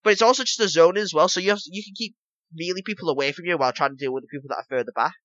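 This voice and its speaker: A man's voice: high-pitched, rapid-fire, fairly bright tone, no echo, muffled recording. A man co-hosting a casual gaming podcast, rambling and leaning on "basically" and "obviously" as he explains. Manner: rambling, repeats himself, lots of "basically" and "obviously". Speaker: podcast co-host.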